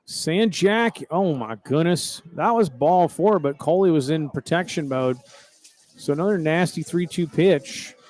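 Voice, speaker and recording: A man's voice: fairly high pitch, expressive, unhurried, a little mellow, dry recording. A middle-aged man, calling a baseball game in a folksy, chatty, rambling way. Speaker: play-by-play announcer. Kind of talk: baseball commentary.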